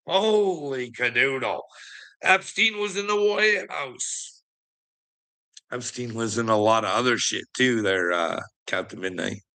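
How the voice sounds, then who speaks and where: Speaking a little slowly in a bright, forceful, mid-range voice, a man delivers a profane livestream rant to his chat. He is sarcastic and mocking, cursing heavily and laughing often.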